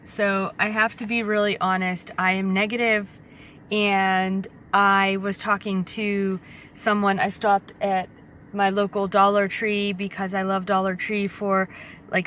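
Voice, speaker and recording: A woman's voice: medium pitch, a bit bright, slight background noise. A woman in her thirties chatting casually to a phone camera while out shopping, rambling with lots of fillers. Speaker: vlogger. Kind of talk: casual vlog chat. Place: out and about, in stores and car.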